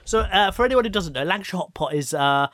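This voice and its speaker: A man's voice: sits high, expressive, quick pace, a bit bright, a little hiss or hum. A man co-hosting a comedic podcast, wry and digressive, who laughs easily. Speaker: podcast co-host. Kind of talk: comedic casual chat.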